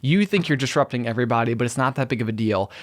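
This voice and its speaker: A man's voice: mid-range voice, racing. A young man co-hosting a podcast, telling stories in a rambling casual way full of fillers. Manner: rambling storytelling, heavy on fillers. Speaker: podcast co-host. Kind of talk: casual chat.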